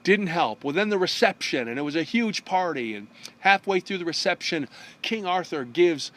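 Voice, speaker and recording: Male storyteller, slightly high voice, lively delivery that briefly voices each character. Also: moderate pace. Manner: animated storyteller, briefly acting out the characters' lines. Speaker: speaker telling a story. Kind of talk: storytelling talk.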